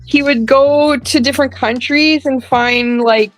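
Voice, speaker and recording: A woman's voice: sits high, steady tone, unhurried, poor audio. Chatty woman over faint music. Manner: chatty, laughs easily. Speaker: podcast co-host. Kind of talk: casual chat.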